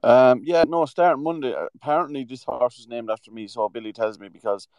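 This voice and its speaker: A man co-hosting a casual horse racing preview, giving his picks in a relaxed, opinionated way. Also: mid-range voice, fairly quick, clear, resonant tone, no echo, dull audio. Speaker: racing tipster co-host.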